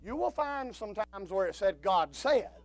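A man preaching a sermon, swinging from quiet low talk to shouted, drawn-out preaching. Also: big pitch swings, gravelly, faint music behind.

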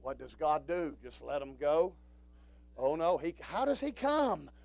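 A man preaching a sermon, swinging from quiet talk up to shouted preaching. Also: fairly high pitch, lively intonation, measured pace, creaky, dry recording.

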